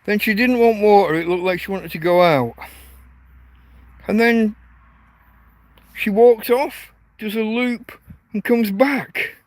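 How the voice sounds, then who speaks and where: Man, high voice, slow and drawn-out, exasperated and sweary, livestreaming from a tent. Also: dry recording. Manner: exasperated, sweary, talks to his dog. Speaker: livestream host. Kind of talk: casual night-time livestream chat. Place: tent in a field.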